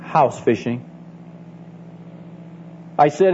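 Expressive and dark-toned, the slightly high voice of this middle-aged Bible college teacher moves at a moderate pace through an emphatic conference sermon for church leaders. He shares personal stories and appeals straight to his audience, captured on dull, humming lo-fi tape.

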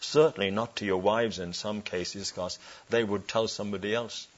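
A man preaching a sermon to a church congregation. He is emphatic, slows down to stress scripture phrases, and asks the congregation rhetorical questions. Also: on the low side, fairly even intonation. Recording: dull lo-fi sermon recording.

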